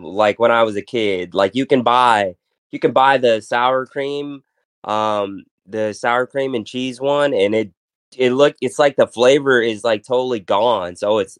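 A casual podcast host, male, speaks at a medium pitch and a slightly slow pace, with no room sound on the recording. He tells rambling stories packed with fillers and restarts.

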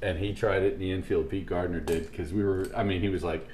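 Low-voiced man, casual swearing podcast host. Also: steady tone, quick pace, a little mellow. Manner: laid-back, swears freely, laughs at his own stories. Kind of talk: casual chat. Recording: echoey room with faint background noise.

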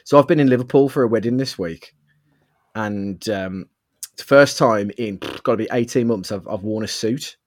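A man co-hosting a casual podcast over webcam, telling animated anecdotes and laughing through them. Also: lowish voice, moderate pace, dry recording, studio quality. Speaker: podcast co-host.

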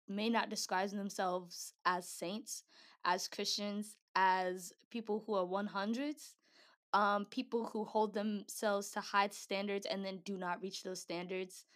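Young woman, slangy faith talk to a group, laughs a lot, mid-pitched voice. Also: a bit bright. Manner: chatty, slangy, laughs often, acts out quotes. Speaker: speaker at a Christian gathering. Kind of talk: casual devotional talk.

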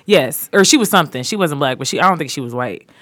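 A young woman co-hosting a casual podcast, telling work stories in an animated way, full of fillers. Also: sits low, fast, no room sound. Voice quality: animated storyteller, lots of fillers. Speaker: podcast co-host.

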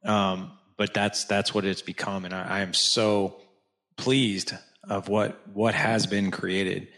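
A low-voiced man speaks slowly. He's a podcast guest who founded a fathers' organization, narrating his story conversationally with animation, acting out what people said and filling it with restarts and "like."

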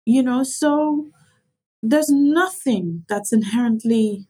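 A woman's voice: mid-range voice, normal speed, a little mellow, husky, rough recording. A woman from Grenada with a mixed Caribbean and English accent, a lawyer speaking reflectively and with emphasis as a podcast guest. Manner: reflective, emphatic, repeats herself. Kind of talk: podcast interview.

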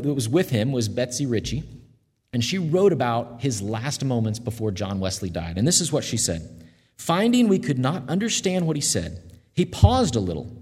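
A man preaching a sermon in an earnest, conversational way, slowing and softening when he quotes promises. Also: medium pitch, breathy edge, in a large hall. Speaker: pastor.

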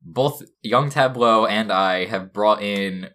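A man's voice: on the low side, takes it slowly, bright, forceful tone. A young man co-hosting a comedy podcast from a dorm room, talking in a mock-earnest, rambling way. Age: young adult. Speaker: podcast co-host. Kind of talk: casual comedic podcast banter.

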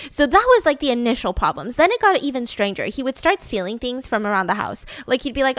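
A young woman hosts a casual true-crime podcast and recounts the story in a chatty, animated way, swearing freely. Her voice sits fairly high, and the recording is dry and close. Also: fast, no echo. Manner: chatty, animated, blunt with profanity. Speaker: podcast host.

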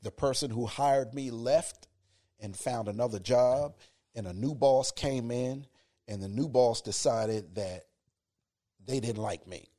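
A deep-voiced man in his fifties, a college educator with a radio sound, speaks reflectively and at a measured pace during a casual interview.

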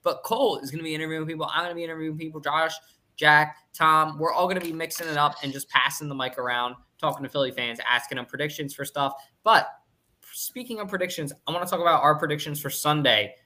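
A man hosting a sports podcast, joking with his co-hosts as he runs the show. His voice is bright and forward. He keeps things moving from one segment to the next. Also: fairly high pitch, quick pace. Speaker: podcast host. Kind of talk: casual podcast chat.

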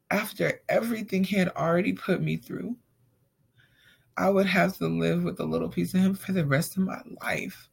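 Young woman, raspy and breathy voice, vocal fry, casual storytime, acts out the dialogue. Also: fairly low pitch, moderate pace. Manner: animated retelling, acts out quoted dialogue, frequent "like".

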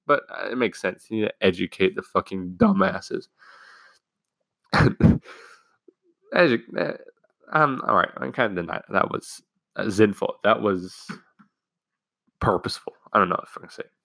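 A teenage boy tells a school story in a casual solo chat, rambling, swearing and restarting constantly. His voice is low-pitched with vocal fry and a fairly bright tone, at a moderate pace with long pauses, and there's no room sound.

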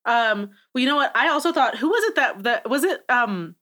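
A woman's voice: sits high, lively intonation, fairly quick, fairly bright tone. A young woman co-hosting a podcast in casual chat, talking emphatically with frequent laughter. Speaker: podcast co-host.

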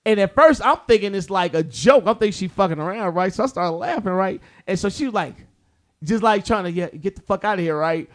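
A comedian telling a story in casual chat, animated and profane, acting out what people said. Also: male voice, high voice, fairly quick. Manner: animated, profane, acts out quotes.

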